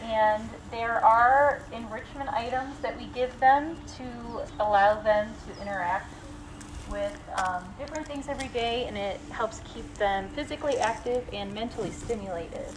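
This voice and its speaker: A woman's voice: a little high, moderate pace, noisy background. A woman zookeeper giving a friendly live talk outdoors at an animal exhibit, explaining with frequent ums.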